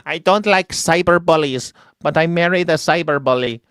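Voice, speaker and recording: A man's voice: a little high, a bit bright, smooth, dry recording, studio quality, pitched above the performer's own voice. A man doing a stilted, broken-English impression of a former first lady.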